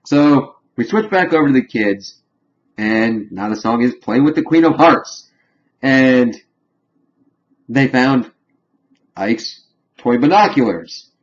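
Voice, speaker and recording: A man reviewing a cartoon episode in a casual spoken recap, retelling it animatedly and dipping quiet then loud. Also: medium pitch, expressive, slow pace, long pauses. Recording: dull lo-fi with faint hum.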